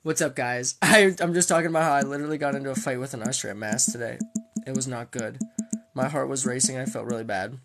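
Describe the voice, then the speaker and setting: A man's voice: medium pitch, fast talker, noisy background. A man telling a story on a livestream, rambling casually and stopping often to restart. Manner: rambling, full of fillers and restarts.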